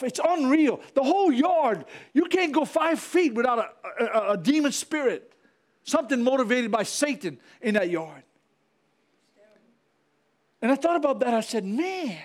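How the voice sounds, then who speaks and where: A man preaching a fiery sermon as pastor, repeating himself and calling out to the congregation. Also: very high-pitched.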